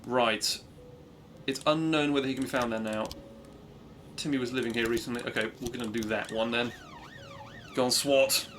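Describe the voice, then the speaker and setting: A man's voice: medium pitch, steady tone, moderate pace, long pauses, a bit bright, slight background noise. A man chatting upbeat through a live speedrun, cheering his own progress and making asides to his stream viewers. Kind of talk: live gameplay commentary.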